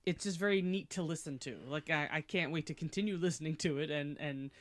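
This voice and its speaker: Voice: mid-range voice, fairly quick. A podcast co-host chatting casually and enthusiastically, giggling often.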